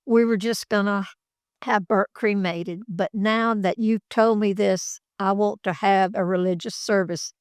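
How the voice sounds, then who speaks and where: An older woman, a former executive assistant being interviewed in an office, tells stories in a folksy, rambling way, acting out the quotes in her anecdotes. Her medium-pitched voice is smooth, and the sound is dry and close with no room noise.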